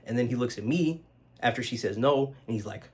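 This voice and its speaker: A man's voice: mid-range voice, a little fast. A man telling a personal story to camera in a loose, conversational way, with lots of fillers and casual swearing. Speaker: vlogger.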